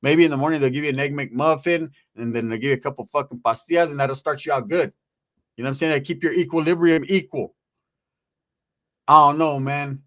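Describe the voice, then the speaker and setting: Streetwise middle-aged male commentator, fairly high voice for a man, profane, rambling delivery. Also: fairly quick, a bit bright. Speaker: host, commentator.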